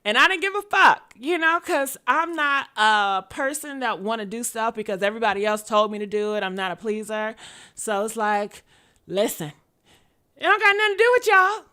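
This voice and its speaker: A woman's voice: mid-range voice, normal speed, pushed and bright, clear, resonant tone. A woman, telling her story bluntly and profanely in a candid sit-down monologue. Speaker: vlogger.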